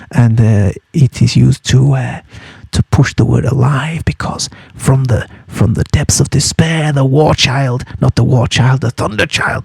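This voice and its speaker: A man's voice: medium pitch, vocal fry, dark tone, slightly rough, no room sound. A man explaining a novel to students. He is hesitant, repeating words and correcting himself as he goes. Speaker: teacher. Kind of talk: study guide explanation.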